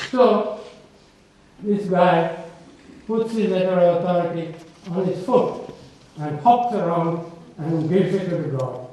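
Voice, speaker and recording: An older man giving an academic lecture in an auditorium. He talks in an unhurried, digressive way and often adds "you see". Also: on the high side, animated, mellow, slight background noise. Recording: echoey hall from a distant mic.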